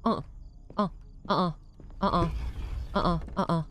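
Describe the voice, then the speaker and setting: A woman's voice: on the low side, fairly even intonation, measured pace, a bit bright, slight background noise. A woman streamer giving chatty live commentary on a horror game, gasping and swearing easily, with a reverb filter on her voice.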